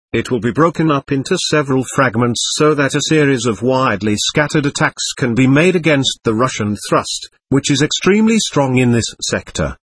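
A hard, commanding army captain lays out orders and threats in clipped sentences, as a male narrator puts him on. The husky voice moves in a lively pitch and sits close and dry. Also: no room sound. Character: stern German army captain, commanding and harsh.

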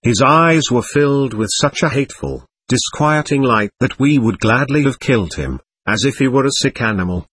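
Husky male audiobook narrator. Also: medium pitch, expressive, moderate pace, few pauses, fairly bright tone.

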